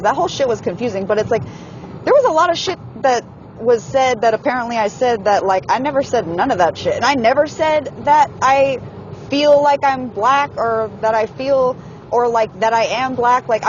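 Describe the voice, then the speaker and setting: A woman's voice: a little high, muffled recording, a little hiss or hum. A young woman venting in a casual, frustrated monologue, swearing often and filling her talk with "like". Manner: frustrated, profane, heavy use of "like". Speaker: person venting in a voice message.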